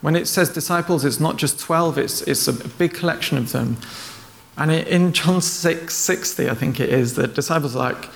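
A man's voice: a little high, moderate pace, gravelly. A man preaching a sermon, retelling stories in a conversational way and acting out the quoted lines.

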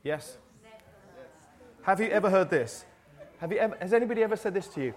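Lively, animated male preacher. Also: high voice, normal speed, pauses often. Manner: conversational, rhetorical questions, occasional restarts. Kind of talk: sermon with Bible reading.

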